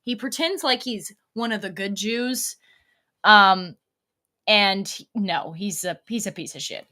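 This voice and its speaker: A woman's voice: medium pitch, measured pace, bright, forceful tone. A woman hosting a livestream, talking in a blunt, profane, rambling way as she tells stories casually to her viewers. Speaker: livestream host.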